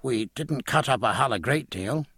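Reader as a keen young man, animated. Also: medium pitch, normal speed, dry recording, clean studio sound. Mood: eager.

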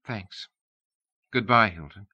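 A man's voice: on the low side, takes it slowly, bright, forceful tone, lo-fi sound, heavily acted. A man voicing a restless young woman with a blunt, dry, teasing manner. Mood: curt.

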